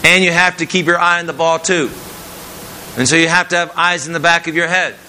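A middle-aged man preaching a sermon in a measured, earnest way, repeating key phrases for emphasis. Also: a little high, fairly even intonation, bright, forceful tone, a little hiss or hum, poor audio.

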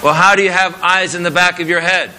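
A middle-aged man delivers a sermon, earnest and measured, leaning on repetition to drive each point home. His voice is very bright and sits a little high. A faint hiss runs under the recording. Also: steady tone, poor audio. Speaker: preacher.

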